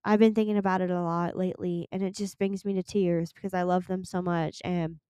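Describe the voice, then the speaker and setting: Smooth-voiced woman rambling on a podcast. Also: fairly low pitch, flat delivery, brisk, warm tone, no room sound, clean studio sound. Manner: gushing, rambling, swears casually. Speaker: podcast host. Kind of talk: casual solo podcast chat.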